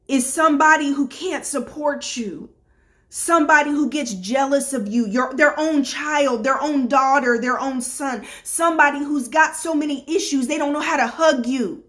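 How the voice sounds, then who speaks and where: Slow, high-voiced emphatic woman life coach. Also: a bit bright. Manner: emphatic, repetitive preaching cadence. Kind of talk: motivational talk to camera.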